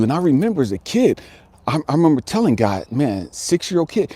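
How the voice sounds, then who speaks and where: A man's voice: mid-range voice, very animated, brisk, warm tone, no echo. A man hosting a casual motivational talk outdoors, speaking earnestly and repeating phrases as he builds intensity. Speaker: life coach and channel host. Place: outdoors in nature.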